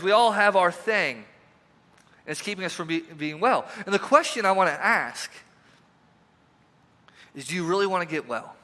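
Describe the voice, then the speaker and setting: In a reverberant church sanctuary, a male pastor with a high, sharp-toned voice delivers an emphatic yet conversational sermon, repeatedly putting questions to his congregation.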